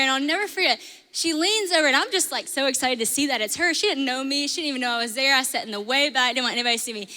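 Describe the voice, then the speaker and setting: A young woman sharing a personal faith testimony, earnest and animated, with lots of "like". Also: high voice, rapid-fire, big-room sound. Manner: earnest, animated storytelling with frequent "like". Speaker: host sharing her testimony.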